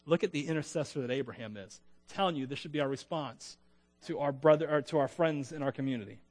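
A man preaching a sermon, conversational and lively, acting out the voices of the people in his text and joking with his listeners. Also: fairly high pitch, fast talker. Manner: animated, acts out biblical voices. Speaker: pastor.

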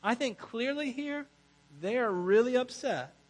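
Husky animated pastor preaching. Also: male voice, extremely high pitch, unhurried, poor audio. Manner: animated, laughs often, self-correcting asides. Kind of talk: sermon.

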